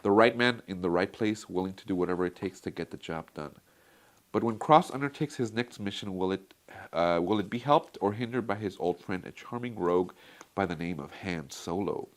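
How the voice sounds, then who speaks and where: A man's voice: sits low, brisk. A man casually reviewing a comic book collection, chatty and enthusiastic, talking straight to his viewers. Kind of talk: casual product review vlog.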